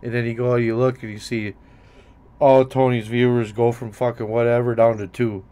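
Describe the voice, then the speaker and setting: A man's voice: medium pitch, flat delivery, moderate pace, mellow, clean tone. A man hosting a casual profane chat show with a Minnesotan accent, rambling and laughing as he mocks others. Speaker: host.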